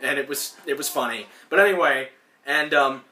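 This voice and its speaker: A man's voice: mid-range voice, moderate pace, sharp tone, roomy sound, far from the mic. A man hosting a podcast, rambling through a cartoon episode recap in casual chat. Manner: rambling, acts out lines in put-on voices. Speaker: podcast host.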